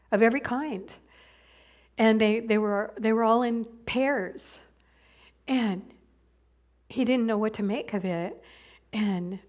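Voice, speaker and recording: Woman minister, storytelling sermon, halting and conversational, middle pitch. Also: a little mellow.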